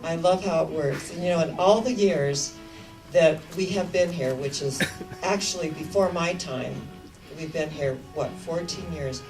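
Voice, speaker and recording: Low-voiced woman preaching a sermon. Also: unhurried. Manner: animated and affirming, addresses the congregation with questions. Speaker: minister. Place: church sanctuary. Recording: distant sermon recording with music behind. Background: music playing.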